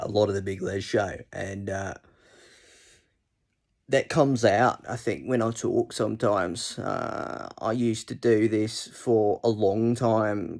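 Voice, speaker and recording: Laid-back aussie bloke, drawly, lines trail down, man putting it on. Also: lowish voice. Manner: slow, drawling, falling cadence.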